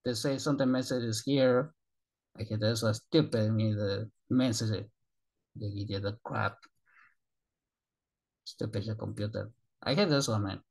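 Excitable man in broken English. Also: lowish voice, a little slow, creaky, pauses often. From Argentina. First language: Spanish. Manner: excitable, rambling broken English, frequent swearing. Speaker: YouTube reaction channel host. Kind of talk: casual reaction commentary.

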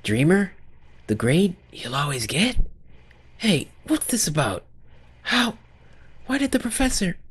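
A man voicing an insecure young male student in a game dub, pleading and high-strained. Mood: hurt.

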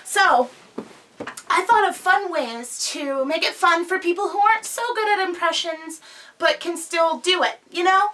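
A woman's voice: extremely high pitch, a little slow, bright, forceful tone, distant mic. A young woman hosting her own vlog, chatting casually in a giggly, self-deprecating way. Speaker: vlogger host.

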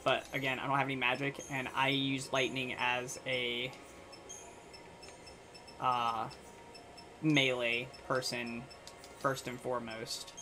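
A man's voice: medium pitch, little pitch movement, takes it slowly, long pauses, sharp tone. A man hosting a gaming channel, giving casual let's-play commentary and thinking aloud to himself in a muttering way. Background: faint game music.

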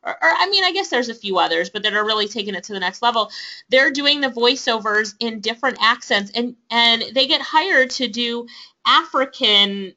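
A woman hosting a live webinar and pitching an online class, upbeat and persuasive, laughing often. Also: expressive, normal speed, sharp tone. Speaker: webinar host and online business instructor. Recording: dull lo-fi webinar audio.

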